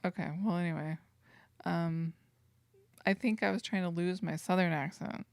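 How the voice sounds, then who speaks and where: A woman's voice: lowish voice, fairly even intonation, normal speed, gravelly, no room sound. A woman co-hosting a casual podcast chat, laughing often and joking at her own expense. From Northern California. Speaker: podcast co-host.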